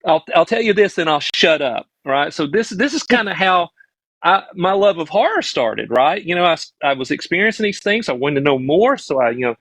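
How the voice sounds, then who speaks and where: A man's voice: a little high, lively intonation, a little fast, fairly bright tone, no room sound, poor audio. A middle-aged man with a Southern US accent, a podcast guest telling a childhood story in an earnest, rambling way that often restarts its sentences. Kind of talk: casual storytelling on a live stream.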